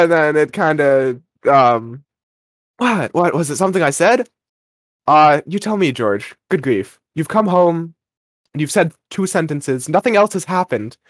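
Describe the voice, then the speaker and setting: Casting a young male podcast co-host: a touch high-pitched, rambling and self-mocking, quick character bits, dry booth sound. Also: no echo. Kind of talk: casual podcast recap.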